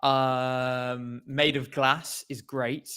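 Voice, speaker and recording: A man's voice: medium pitch, flat delivery, very slow, bright, forceful tone, clear, resonant tone. A man co-hosting a casual podcast chat over a video call, rambling and hesitant with many fillers. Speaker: co-host.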